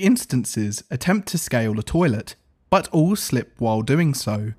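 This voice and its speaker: Man narrating horror with a lively pitch. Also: unhurried, slightly rough. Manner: even, report-like reading.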